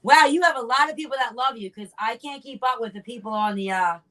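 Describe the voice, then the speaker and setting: A woman's voice: fairly high pitch, fast, a bit bright. A woman co-hosting a casual podcast, bubbly and enthusiastic, often laughing. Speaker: podcast co-host.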